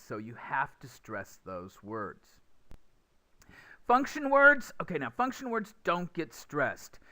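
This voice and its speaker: A man teaching English pronunciation in a lecture, speaking deliberately and acting out stressed and unstressed words as examples. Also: on the high side, pushed and bright, clear, resonant tone. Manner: slow, deliberate, demonstrative stress and pauses. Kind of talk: classroom lecture.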